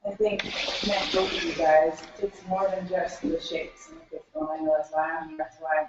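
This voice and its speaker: A person sharing in a group, talking in a lively, rambling way. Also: medium pitch, moderate pace, highs cut off, background noise. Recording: distant mic in a very echoey room.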